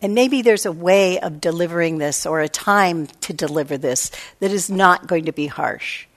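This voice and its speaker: A woman's voice: lowish voice, normal speed. A woman meditation teacher giving a reflective dharma talk, often voicing her own inner thoughts. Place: meditation hall.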